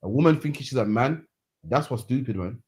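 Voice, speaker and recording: A man's voice: medium pitch, animated, a little fast, darkish tone, husky. A man hosting a reaction commentary, heated and mocking, ending phrases with "man". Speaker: host. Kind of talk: street preaching reaction commentary.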